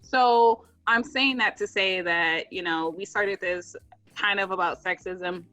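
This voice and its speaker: A young woman co-host with a mid-pitched voice talks bluntly on a casual podcast. Her tone is indignant and plain, and faint music plays behind her. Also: unhurried, bright, forceful tone.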